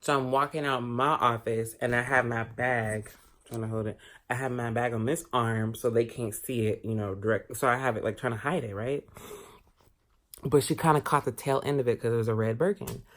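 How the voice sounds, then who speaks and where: Guy telling a storytime on his vlog, super candid, swears a lot, expressive. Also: mid-range voice, normal speed. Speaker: vlogger.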